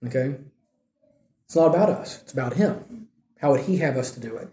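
A man's voice: mid-range voice, lively intonation, a little fast, dark tone. A man preaching a sermon in a conversational teaching style, often checking in with his listeners. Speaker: pastor. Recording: echoey room.

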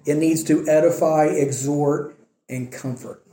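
A man's voice: on the high side, fairly even intonation, measured pace, mellow, roomy sound. A male pastor preaching a sermon in a conversational way, reading verses and checking in with his listeners.

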